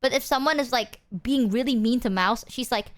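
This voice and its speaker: Woman streamer, high voice, casual chat, rambling, lots of swearing. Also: a little fast. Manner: animated, rambling, swears often, laughs a lot.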